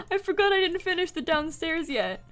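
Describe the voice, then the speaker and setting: Young woman game streamer, bright chatty voice, giggly, soft music under her. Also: very high voice, lively intonation, measured pace. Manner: chatty and giggly, reading out chat thanks. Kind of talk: casual live-stream chat while gaming. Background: faint music.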